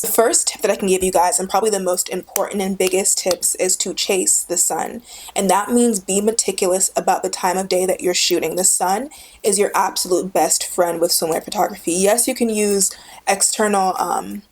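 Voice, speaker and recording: A young woman speaking straight to the camera in a friendly, easygoing tutorial voice. She sits at a middle pitch and talks in a chatty, upbeat way, stressing her points by repeating them. It sounds like a casual indoor vlog recorded on the camera's own mic. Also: darkish tone. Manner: chatty, enthusiastic, emphatic repetition. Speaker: photography tutorial host. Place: indoors with a studio light.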